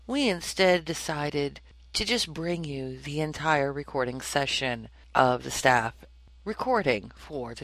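A woman hosts a casual podcast chat, her voice bright and forward. The sound is close and dry. She is chatty and swears freely, still getting over an illness. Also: extremely low pitch, no room sound, low-quality recording. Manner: chatty and quick to curse and laugh. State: recovering from illness. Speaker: podcast host.

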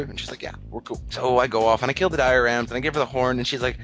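A man's voice: mid-range voice, fairly even intonation, rapid-fire, hardly any pauses, fairly bright tone, soft background music. A man hosting a podcast segment, telling a comic gaming story and acting out the characters in a self-mocking way.

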